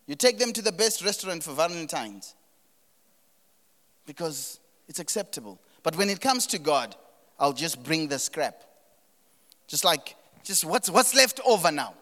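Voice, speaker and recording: A man's voice: sits high, big pitch swings, moderate pace, pushed and bright, big-room sound. A man preaching a sermon, building emphasis and repeating words as he drives his points. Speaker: pastor.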